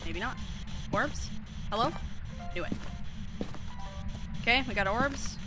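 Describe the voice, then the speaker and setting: A woman streaming a horror game, chatting casually with viewers, sassy and swearing freely, with sudden excited yelps. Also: a little high, slow pace, over music, poor audio. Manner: bursts into excited yelps during scares. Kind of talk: casual live-stream chat over gameplay.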